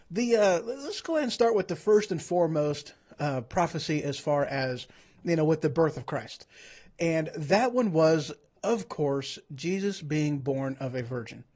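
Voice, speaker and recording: A man's voice: a little high, a little mellow. A man hosting a casual livestream, rambling and going off on tangents, joking at his own expense, and saying he feels like he is coming down with a cold. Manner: rambling, self-deprecating, goes off on tangents. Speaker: streamer host. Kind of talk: casual livestream chat about the Bible.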